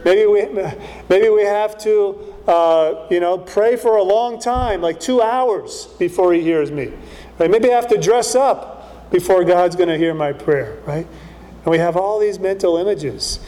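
A middle-aged male pastor delivers a sermon in a high, light voice. He talks plainly and conversationally, often tossing in a questioning "right?" to the congregation. His voice carries a long reverb from the church hall. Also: measured pace, warm tone.

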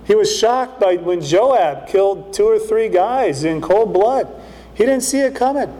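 High-voiced man preaching in a hall. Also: animated, measured pace, warm tone. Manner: conversational, repeats "right?" often. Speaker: pastor. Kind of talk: sermon.

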